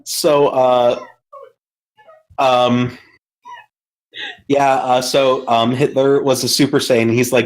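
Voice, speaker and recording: Speaking slowly with frequent pauses, this co-host's medium, level voice carries a long, rambling podcast story packed with fillers and curse words. The audio quality is poor.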